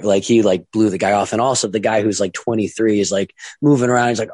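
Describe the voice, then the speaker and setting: A man's voice: fairly low pitch, fairly quick, darkish tone, breathy edge, no room sound. A middle-aged man, a wrestling promoter and trainer, telling a long casual story in a rambling way and acting out the voices of the people in it. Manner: rambling, acts out quoted voices.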